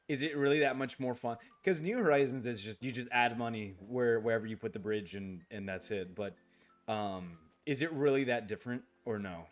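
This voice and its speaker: A man in the middle of a relaxed late-night game stream, talking at an average pitch for a man. He rambles, restarts his sentences and grumbles and swears at the game. Between complaints he reads out viewer comments and answers them, with faint music playing behind him. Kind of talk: casual late-night live-stream chat while gaming.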